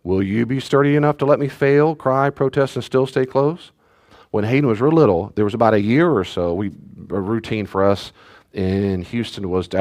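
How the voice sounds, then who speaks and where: A man, a pastor teaching a church study class in a relaxed, conversational way with joking asides to the group. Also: low voice.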